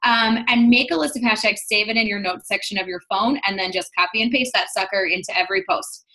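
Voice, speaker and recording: Young woman, fitness coach, casual team call, chatty, upbeat, bright tone. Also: medium pitch, a little fast. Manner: chatty, upbeat, lots of fillers.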